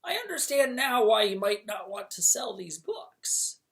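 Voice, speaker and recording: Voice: medium pitch, very animated, measured pace, fairly bright tone, voice pushed up. A storyteller voicing a small, curious fire demon with a small, crackling voice, in a storybook reading.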